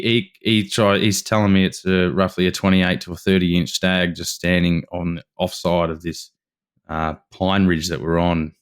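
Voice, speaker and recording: A man's voice: low voice, smooth. An Australian man, a podcast guest, telling a story in an eager, rambling way, with many restarts and casual asides.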